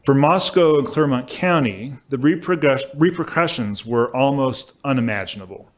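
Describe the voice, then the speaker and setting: A male law professor giving a prepared symposium lecture, measured and emphatic, with occasional self-corrections, at a podium microphone. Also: medium pitch.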